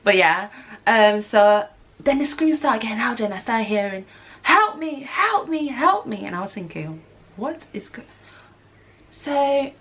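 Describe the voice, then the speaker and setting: A young woman, telling an animated storytime vlog and acting out the voices she quotes. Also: lowish voice, slight background noise. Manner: animated, acts out screams and quotes. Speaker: vlogger. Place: student flat room.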